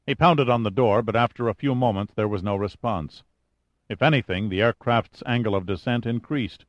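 A man narrating an audiobook with steady, even storytelling. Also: on the low side, moderate pace, no echo, highs cut off. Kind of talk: scripted narration.

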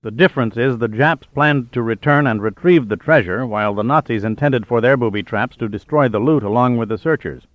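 A narrator reads a level-headed treasure hunter in an audiobook, explaining in a plain, even manner. The sound is dry and a touch dull. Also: male voice, mid-range voice, brisk, few pauses, dry recording, lightly acted. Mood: matter-of-fact.

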